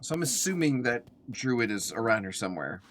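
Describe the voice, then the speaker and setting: Bright, lively young man streaming a game. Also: mid-range voice, fairly quick, soft background music. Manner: chatty, reads chat aloud, talks to himself while playing. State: yawning, tired. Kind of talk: casual live-stream chat while gaming.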